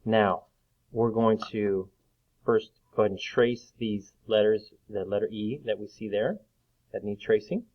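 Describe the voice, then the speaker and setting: A man's voice: on the low side, unhurried, dull audio. A man teaching a recorded reading lesson to young children, patient and sing-song as he claps out syllables.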